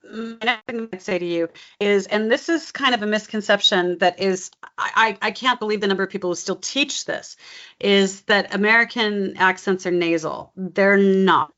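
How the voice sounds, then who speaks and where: A woman from California working as a dialect coach, explaining ideas in a measured, encouraging way. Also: medium pitch, fairly bright tone. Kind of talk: one-on-one coaching session. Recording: dull lo-fi recording.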